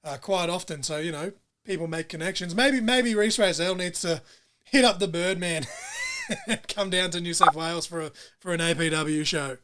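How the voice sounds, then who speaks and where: Lively podcast host. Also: male voice, high-pitched, moderate pace. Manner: animated, acts out quotes loudly. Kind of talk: casual podcast interview.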